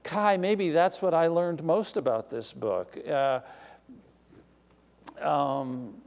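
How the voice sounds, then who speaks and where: An older male author telling stories on stage before an audience, animated and self-deprecating, with frequent restarts. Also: on the high side, slow, gravelly. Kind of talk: live author conversation on stage. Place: recital hall before an audience. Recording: long hall reverb.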